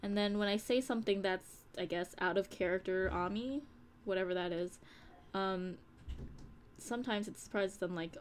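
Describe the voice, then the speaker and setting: A young woman chatting frankly on a live stream, at an ordinary mid pitch for a woman. She rambles from thought to thought and curses casually, as if talking to friends in her community. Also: fairly even intonation, moderate pace, slight background noise. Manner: candid, rambling, swears casually. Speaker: streamer and audio creator.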